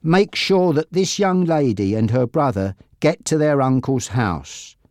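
A man voicing a male police officer delivering bad news quietly and hesitantly in a read-aloud story. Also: medium pitch, expressive, measured pace, dry recording, studio quality, natural voice. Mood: gentle.

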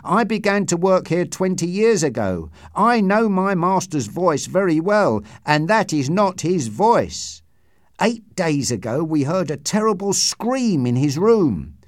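Male reader as anxious old manservant, deferential, high-strung, dry close read. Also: very animated, unhurried, dry recording. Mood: fearful. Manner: deferential, anxious, keeps saying sir. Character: frightened old male servant, long-serving, deferential.

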